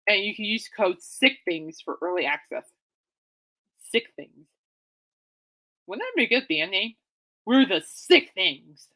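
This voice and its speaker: An excitable woman rambles through her podcast in casual chat, correcting herself as she goes. Her voice is bright and sharp, with a mid pitch. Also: a little slow, long pauses. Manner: chatty, excitable, self-correcting. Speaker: podcast host.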